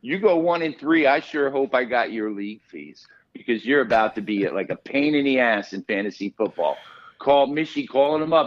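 Animated, profane man telling stories. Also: mid-range voice, normal speed, dull audio. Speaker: podcast guest. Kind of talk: casual podcast chat.

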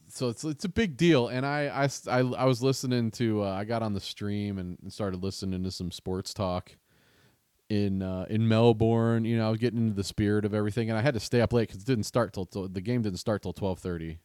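A man with a low, slightly mellow voice hosts a casual podcast in a dry, studio-quality recording. He's chatty and rambling, often cutting himself off to restart his sentences.

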